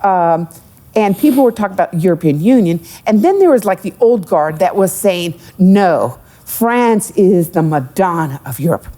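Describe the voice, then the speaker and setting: A woman's voice: fairly low pitch, normal speed. A middle-aged woman, an economic development executive, telling stories as a guest on a live podcast, with asides and jokes. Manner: animated storyteller, jokes and asides. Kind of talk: live podcast interview with audience.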